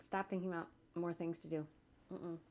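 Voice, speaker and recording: A woman's voice: on the low side, flat delivery, normal speed, darkish tone, a little hiss or hum. Woman animator thinking aloud. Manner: thinks aloud, rambling, chatty asides. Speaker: animator streaming her work. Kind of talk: casual livestream talk while working.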